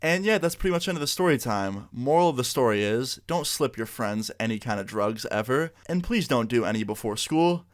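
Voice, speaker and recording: A young man casually telling a school story to his viewers, acting out the dialogue as he goes, with lots of "like" and relaxed asides. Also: medium pitch, brisk, hardly any pauses. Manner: relaxed, chatty, heavy use of "like"; acts out dialogue with quotes. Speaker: vlogger.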